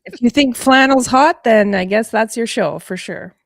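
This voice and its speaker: A woman's voice: a little high, normal speed, no room sound, clean studio sound. A woman from Canada, a guest and fellow podcaster, chatting casually and teasing the host. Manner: playful, teasing. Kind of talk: casual chat.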